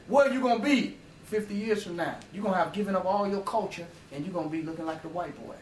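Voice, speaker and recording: A man whose voice sits high talks fast and slightly raised in an emphatic, profane informal lecture, repeatedly checking in with rhetorical questions. Set back from a distant mic, he echoes around a reverberant room with a faint hum behind him.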